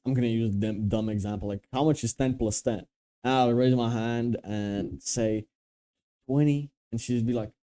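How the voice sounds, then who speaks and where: A man's voice: medium pitch, dark tone. A young man from Romania giving casual, blunt, profane advice with emphatic restarts. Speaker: dating and confidence coach.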